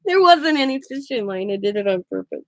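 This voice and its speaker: A woman's voice: on the high side, very animated, fairly quick, a bit bright, dry recording, poor audio. A woman vlogging casually from her home craft room, chatty and laughing often as she retells conversations. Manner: retells conversations with quoted back-and-forth. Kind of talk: casual storytelling chat.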